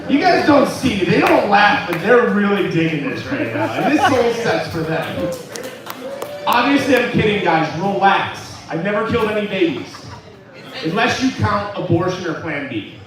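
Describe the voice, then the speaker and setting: A man performing a stand-up comedy set at a club, telling dark jokes in a deadpan way with laughing asides. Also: high voice, moderate pace. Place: comedy club stage with live crowd. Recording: echoey live room from far off with crowd.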